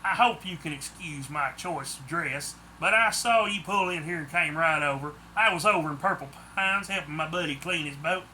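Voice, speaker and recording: A friendly country neighbor speaks in a thick Southern US drawl, folksy and eager to help, as a man reading a storybook puts him on. The voice is high and sharply bright. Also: normal speed, few pauses, a little hiss or hum.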